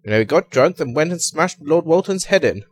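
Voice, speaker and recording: A man's voice: on the high side, lively intonation, fairly quick, pitched above the performer's own voice, lightly acted. A man voicing a sensible, matter-of-fact male police sidekick in a comic story.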